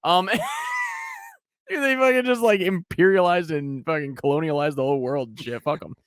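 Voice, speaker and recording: A man's voice: a little high, a little fast, clean tone, no room sound, studio quality. A young man co-hosting a casual podcast, brash and profane, laughing often. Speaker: podcast co-host.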